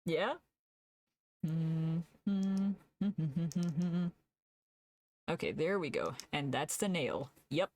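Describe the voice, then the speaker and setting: A woman's voice: low voice, extremely slow, pauses often, darkish tone. A young woman streamer chatting casually while she draws, laughing often and answering her chat aloud.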